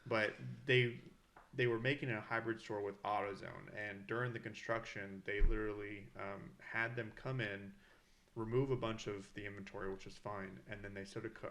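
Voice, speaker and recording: Young guy on a podcast, kinda low voice, swears a lot while he tells a story. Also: a bit bright. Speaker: podcast co-host. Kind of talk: casual chat.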